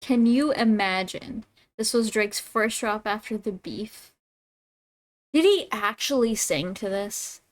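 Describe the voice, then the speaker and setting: A woman from Toronto, a streamer, chatting casually and excitedly as she reacts, laughing and exclaiming often. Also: mid-range voice, takes it slowly. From Toronto, Canada. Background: song playing quietly.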